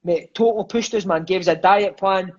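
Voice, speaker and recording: A Scottish man and former footballer telling lively, profane stories in an interview, calling everyone "mate". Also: high-pitched, moderate pace, muffled recording. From Scotland. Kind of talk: storytelling interview chat.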